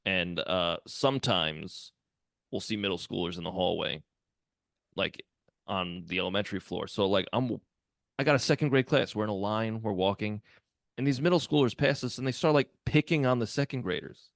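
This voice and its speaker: Male podcast co-host, gravelly, dry close sound, animated storyteller who swears a lot. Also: lowish voice, normal speed, dry recording. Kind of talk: casual comedic chat.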